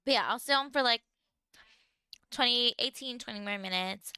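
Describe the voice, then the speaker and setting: A woman's voice: on the high side, normal speed, long pauses, pushed and bright, smooth, no echo. A young woman streamer chatting casually with viewers while she eats, filling her talk with "like". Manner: chatty, lots of "like", talking while eating. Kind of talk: casual livestream chat.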